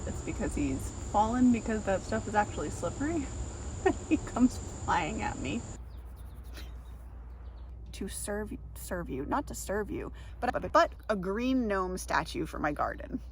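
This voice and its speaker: A woman's voice: medium pitch, very animated, a little slow, long pauses, background noise. A woman vlogger chatting casually outdoors, rambling, giggling and tripping over her words. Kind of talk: rambling casual vlog talk.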